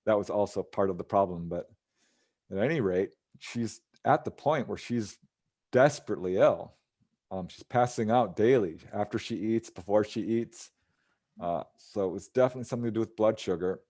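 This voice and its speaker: A man's voice: lowish voice, dark tone. A man, a ufologist guest, recounting a case in casual interview talk, voicing the people he quotes and chuckling as he goes. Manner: recounts cases, acting out quoted voices with chuckles.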